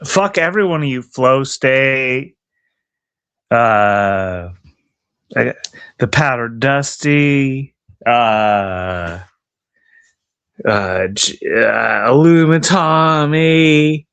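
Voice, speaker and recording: A man's voice: medium pitch, lively intonation, drawn-out words, pauses often, a bit bright, clean tone. A man livestreaming outdoors in the cold, ranting angrily and profanely at his chat and at himself.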